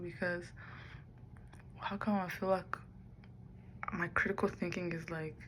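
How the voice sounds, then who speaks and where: A woman's voice: fairly low pitch, a little slow, long pauses, slight background noise, rough recording. A woman talking to the camera in a rambling personal vlog, musing aloud and drifting between topics. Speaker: vlogger.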